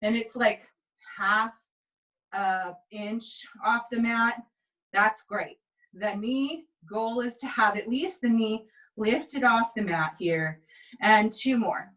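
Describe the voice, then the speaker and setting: A tired woman leads a pilates class with slow, steady cues and counts. Her voice sits a little high. She is heard from a few steps away in an indoor studio. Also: far from the mic, poor audio. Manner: calm step-by-step cueing with counts. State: tired, yawning. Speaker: pilates instructor. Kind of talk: guided exercise instruction. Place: indoor exercise space.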